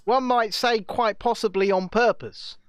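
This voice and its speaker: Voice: mid-range voice, unhurried, dry recording. A co-host talking in a casual chat, repeating and restarting phrases, with dry asides. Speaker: podcast co-host.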